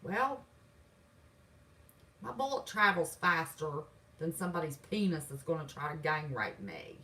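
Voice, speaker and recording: Sassy Southern woman hosting a home livestream, folksy and defiant, pitch swings a lot. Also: animated, a little slow, sharp tone, distant mic, rough recording. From West Virginia. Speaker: channel host. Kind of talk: livestream chat reading comments. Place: home, indoors.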